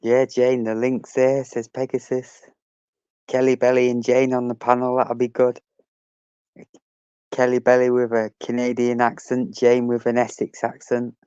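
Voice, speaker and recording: Flat, smooth-voiced male stream host. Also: mid-range voice, measured pace, no echo, dull audio. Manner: chatty, greets viewers by name. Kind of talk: casual live-stream chat.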